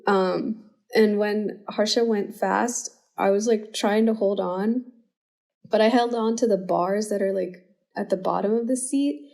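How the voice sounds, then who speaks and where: A woman's voice: mid-range voice, steady tone, unhurried, vocal fry, mellow. A young adult woman, a podcast guest, chatting casually and telling stories with lots of filler words. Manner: chatty storyteller, full of "like" fillers. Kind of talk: casual chat.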